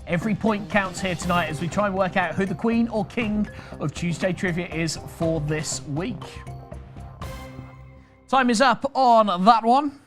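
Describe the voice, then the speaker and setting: A man's voice: high voice, a little slow, a bit bright, faint music behind. A British man hosting a live online quiz, reading out questions and answer options with chatty, jokey patter. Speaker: quiz master.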